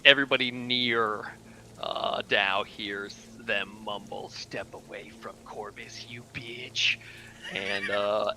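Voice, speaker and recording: A man playing in a tabletop game, chatting energetically and quickly announcing his character's actions. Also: medium pitch, sharp tone, slight background noise. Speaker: player. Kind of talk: casual tabletop play.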